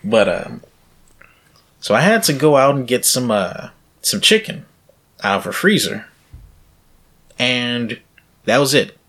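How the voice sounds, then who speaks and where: A man co-hosting a podcast in casual chat, telling a rambling, crude story with deadpan jokes. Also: mid-range voice, slow, long pauses. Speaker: podcast co-host.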